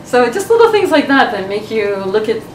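Her voice a little high, sing-song, and slightly fast, a woman anthropologist reflects conversationally in a documentary interview. She uses lots of "you know" fillers and mixes in Arabic phrases. Music plays beneath her, with slight background noise.

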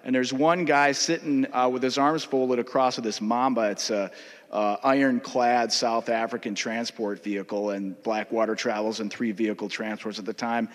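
Minnesotan male state legislator, mid-pitched, halting anecdotal memorial speech with lots of fillers, long chamber reverb. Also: fairly even intonation. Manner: conversational, halting, many uh fillers.

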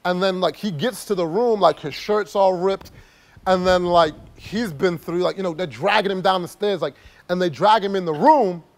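A man's voice: high voice, moderate pace. A man casually telling a personal story to camera as a travel vlogger, rambling and filling his talk with "like". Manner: rambling, heavy use of "like", laughs while telling.

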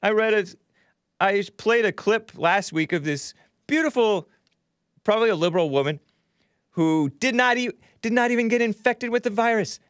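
A man's voice: high-pitched, no echo. A man hosting a livestream, with a voice that swoops up and down as he reacts. He talks directly to his viewers in a chatty, exclamatory way. The sound is close and dry. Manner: animated, reacts aloud with exclamations and laughs. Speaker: livestream host. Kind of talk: casual livestream commentary.

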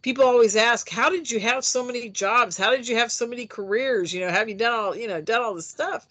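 A woman telling a personal story in a casual interview, animated and chatty, acting out the voices she quotes. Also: on the high side, fairly quick. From United States. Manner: chatty with frequent fillers. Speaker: interview guest, UFO experiencer.

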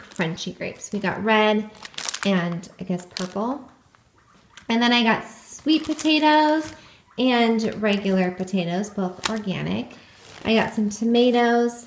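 A woman's voice: mid-range voice, a little hiss or hum. A young woman filming a family vlog, chatting casually and upbeat, with plenty of "like" and "um". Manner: chatty and upbeat, often saying "like" and "um". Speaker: family vlogger.

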